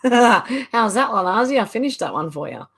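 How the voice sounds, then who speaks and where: A woman's voice: on the high side, big pitch swings, moderate pace, vocal fry, fairly bright tone, breathy edge. A middle-aged woman hosting a casual livestream, chatting and laughing as she reads viewer comments aloud. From Ireland. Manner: chatty, laughs often, sing-song reading of chat comments. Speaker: livestream host.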